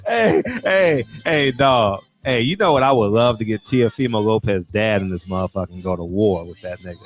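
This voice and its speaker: A man's voice: lowish voice, moderate pace. A man hosting a casual livestream, chatting animatedly, laughing often and reading out viewer comments. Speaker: livestream host.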